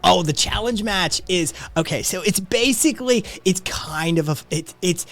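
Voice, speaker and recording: A man's voice: high-pitched, animated, moderate pace, hardly any pauses, fairly bright tone. A man narrating as game master in a casual, rambling way. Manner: casual, rambling, filler-heavy.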